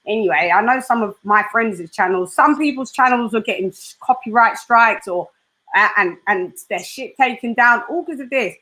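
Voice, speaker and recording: Casting: woman host, high bright voice, animated chatter, quick laughs. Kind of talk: casual live-stream chat.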